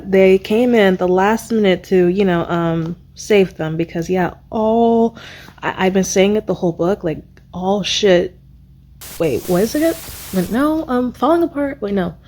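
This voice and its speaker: Excitable woman recapping a book. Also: medium pitch. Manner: excitable, rambling, searching for words. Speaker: book vlogger. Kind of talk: casual reading vlog recap.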